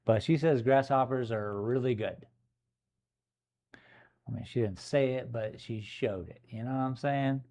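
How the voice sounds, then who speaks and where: Slow, playful man painting on a live stream. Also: medium pitch, warm tone. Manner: playful, chatty, teases and talks to his puppy. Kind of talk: casual live-stream chat while painting. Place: art gallery studio.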